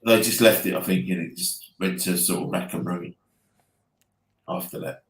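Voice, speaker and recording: A man's voice: low voice, moderate pace, roomy sound. A man with an Essex accent, co-hosting a casual chat about hauntings, speaking earnestly and often trailing off to restart his sentences. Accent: Essex English. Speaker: podcast co-host.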